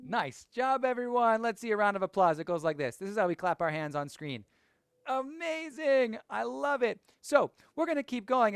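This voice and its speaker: A woman's voice: on the high side, no room sound. A woman leading children through songs in an upbeat, encouraging call-and-response style at a family holiday service.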